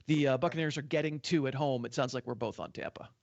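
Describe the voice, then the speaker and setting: A man's voice: mid-range voice, vocal fry, muffled recording. Teasing sports podcast host man. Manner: teasing, prodding questions, quick laughs. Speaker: fantasy football podcast host. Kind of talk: casual sports podcast chat.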